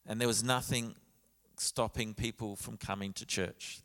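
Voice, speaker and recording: A low-voiced man preaches a sermon in a church sanctuary with a long reverb tail. He tells a personal story and voices the other people's lines. His speech is full of small restarts. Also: level tone, a little slow, fairly bright tone, clean tone. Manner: storytelling with quoted dialogue, many restarts. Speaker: pastor.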